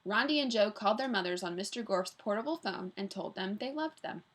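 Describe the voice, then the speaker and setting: A woman, a teacher, reads a chapter book aloud to her class with expressive storytelling. Her voice sits at a middle pitch. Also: brisk. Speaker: teacher reading aloud to students. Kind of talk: children's book read-aloud.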